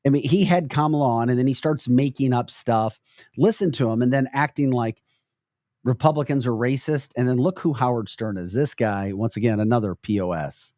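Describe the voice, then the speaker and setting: A man's voice: mid-range voice, moderate pace, dark tone, no echo, studio quality. A man co-hosting a political podcast, with an American accent, talking in a blunt, mocking, incredulous way. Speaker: podcast co-host. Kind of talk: political commentary chat.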